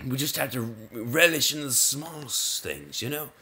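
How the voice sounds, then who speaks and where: A man's voice: medium pitch, big pitch swings, measured pace, sharp tone, slight background noise. A man giving casual, rambling commentary over a video game, often stopping mid-sentence and restarting with a playful tone. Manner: rambling, self-interrupting, playful. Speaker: gaming video host.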